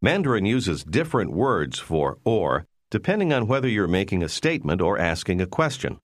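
Lively low-voiced male course narrator. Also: normal speed, dry recording, studio quality. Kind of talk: scripted instructional narration.

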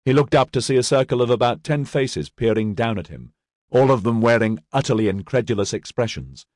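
A man reading scripted narration of a novel in a measured, dramatic way. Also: lowish voice, no echo, studio quality. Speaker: audiobook narrator.

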